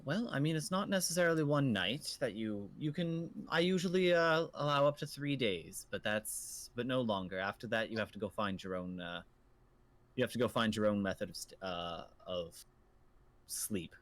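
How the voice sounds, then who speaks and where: A man voicing a kindly older woman innkeeper in a tabletop game, talking haltingly with many ums and uhs. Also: lowish voice, lively intonation, fairly bright tone, dry recording. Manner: hesitant, full of ums and uhs.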